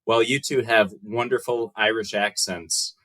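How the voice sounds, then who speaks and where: A man's voice: on the low side, steady tone, moderate pace, sharp tone, low-quality recording. An American man in his thirties, a podcast guest talking casually with dry, self-mocking humor. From United States. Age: 30s.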